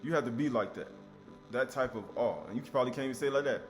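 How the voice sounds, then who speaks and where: Male scripture teacher, mid-pitched, emphatic and repetitive, quiet music underneath. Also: fairly quick. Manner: emphatic, repeats key words, asks rhetorical questions.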